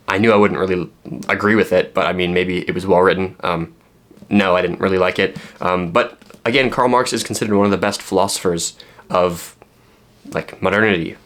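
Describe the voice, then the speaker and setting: A man's voice: deep voice, fairly bright tone. A man vlogging a book haul in a casual, rambling way, full of fillers and joking asides.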